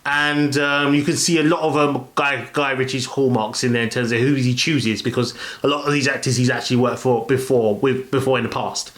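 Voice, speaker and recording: A man talks through a film review casually, in a rambling way, stopping and restarting often. His voice sits at an ordinary middle pitch. The room around him gives a noticeable echo. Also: fairly even intonation, brisk, hardly any pauses, a bit bright. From London, England. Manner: rambling, many fillers and restarts.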